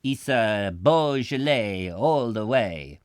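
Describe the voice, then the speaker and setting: A man doing a loud mock-French wine lover. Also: mid-range voice, animated, slow pace, smooth, no room sound, studio quality, pitched below the performer's own voice. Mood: boisterous. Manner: shouty, exaggerated, stammering insults.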